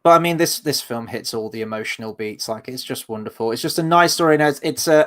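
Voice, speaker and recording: A man's voice: mid-range voice, moderate pace, fairly bright tone, clear, resonant tone. Enthusiastic man chatting about films. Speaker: podcast co-host. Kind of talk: casual film-review chat.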